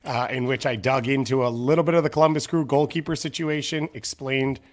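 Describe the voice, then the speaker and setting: A man's voice: mid-range voice, steady tone, a little fast. A young man hosting a casual live-streamed chat, rambling and poking fun at himself. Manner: rambling, self-mocking. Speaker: podcast host.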